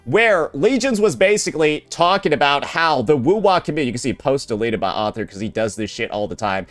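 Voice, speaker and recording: A man giving casual ranting commentary, blunt and sarcastic, often repeating himself and swearing. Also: on the high side. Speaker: commentary YouTuber.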